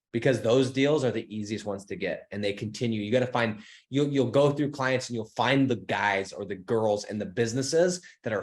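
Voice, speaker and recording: A young man talks straight to his followers like a coach sharing a war story. He gets excitable and swears freely, and he acts out both sides of the conversations he retells. His voice sits at an ordinary middle pitch. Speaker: business coach.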